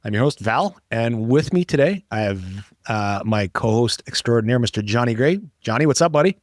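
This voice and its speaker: A man's voice: medium pitch, expressive, moderate pace, dry recording, studio quality. A man hosting a podcast in casual chat, joking around and rambling with plenty of fillers. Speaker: podcast host.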